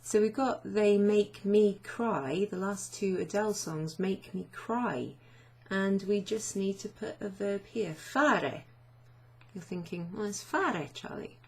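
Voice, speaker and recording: A woman's voice: medium pitch, animated, unhurried. A woman teaching a chatty, self-deprecating online language lesson, often asking learners questions.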